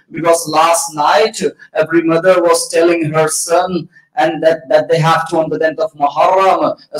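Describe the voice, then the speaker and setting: A male preacher telling a sorrowful story in a mourning sermon, slow and grieving, rising to shouted lament. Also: a little high. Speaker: Islamic preacher. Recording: echoey hall, mic at a distance.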